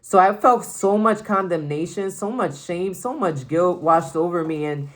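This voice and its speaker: A woman's voice: on the low side, a little slow. A young woman sharing a personal faith testimony in a casual, emphatic way, repeating phrases and saying "like" often.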